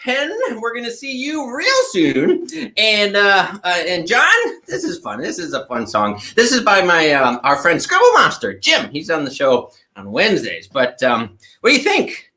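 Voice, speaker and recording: A giggly, bouncy puppet host, voiced by a performer leads a kids' word game in a sing-song way. The voice is bright and sharp, and its pitch leaps all over the place. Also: huge pitch swings, moderate pace. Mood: playful. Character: silly, playful puppet who sings word games.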